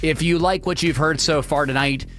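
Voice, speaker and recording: A man hosting a radio talk show alone, ranting in an opinionated, animated way about everyday gripes. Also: normal speed, faint music behind. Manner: animated, ranting, mocks people in high silly voices. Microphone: studio microphone.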